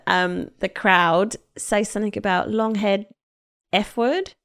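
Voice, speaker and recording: Creaky-voiced woman telling a story. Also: medium pitch, a little slow. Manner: animated storyteller, acts out quotes, laughs often. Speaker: podcast co-host. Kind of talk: casual chat, retelling a story.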